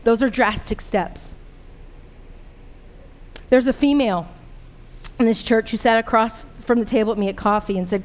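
High-pitched lady pastor preaching, casual and earnest, lots of asking the crowd stuff. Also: moderate pace, long pauses. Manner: earnest, conversational preaching with rhetorical questions. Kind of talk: sermon.

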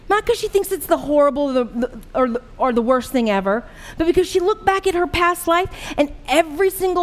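A middle-aged woman pastor giving a sermon in an earnest, conversational way, full of rhetorical questions. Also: high-pitched.

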